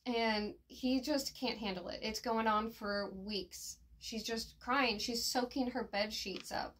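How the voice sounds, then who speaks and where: A chatty woman recapping a story in a casual spoken review. Her voice sits fairly high, and she talks in slang with plenty of fillers. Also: steady tone, slow pace, a bit bright. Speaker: manga reviewer.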